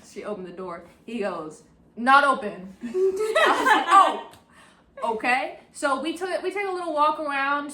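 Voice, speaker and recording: A woman from San Francisco telling a shared travel story in casual chat, lively and quoting people in voices. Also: a little high. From San Francisco, USA. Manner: lively, laughing asides, quotes people in voices. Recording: roomy echo with faint background noise.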